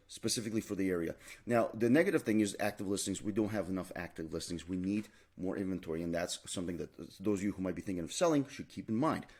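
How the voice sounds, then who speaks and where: A man's voice: fairly low pitch, a little mellow, husky. A man giving a real estate market update as a realtor, emphatic and repeating his key points, with frequent fillers. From Canada.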